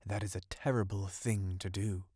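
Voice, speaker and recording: A man's voice: sits low, fairly even intonation, breathy edge, no echo, clean studio sound. A man voicing a whispering seductive sea witch. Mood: hushed. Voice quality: hushed, whispering. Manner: slow, teasing, crooning.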